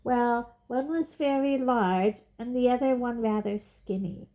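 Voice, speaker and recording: A woman's voice: fairly high pitch, unhurried, warm tone, highs cut off, voice pushed up, natural voice. A woman reading aloud, voicing a nervous, flustered elderly woman with a quavery voice who gabbles her words.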